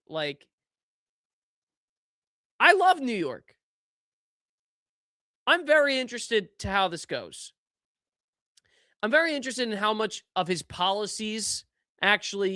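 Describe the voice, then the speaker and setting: A young man hosting a podcast, giving casual political commentary in an animated, incredulous way that keeps trailing off and restarting. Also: high voice, takes it slowly, pauses often, dry recording, studio quality. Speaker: podcast host.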